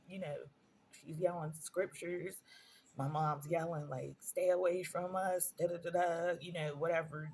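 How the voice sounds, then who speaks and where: A woman's voice: deep voice, darkish tone, a little hiss or hum. A woman vlogger telling personal stories in a casual storytime monologue, earnest and emphatic, repeating phrases for stress.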